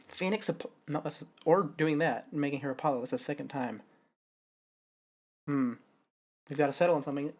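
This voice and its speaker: Young man streamer thinking out loud. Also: fairly high pitch. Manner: musing, self-correcting, thinking aloud. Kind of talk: live game stream, reading with voices.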